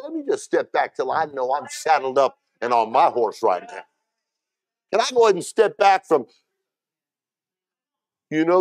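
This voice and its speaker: A male pastor delivers a folksy sermon full of cowboy talk, swinging from low, quiet lines to loud shouting.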